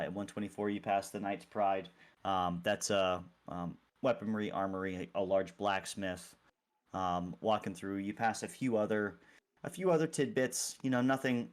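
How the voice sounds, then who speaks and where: A man narrating as game master, describing scenes loosely with many fillers. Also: on the low side. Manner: rambling, filler-heavy description.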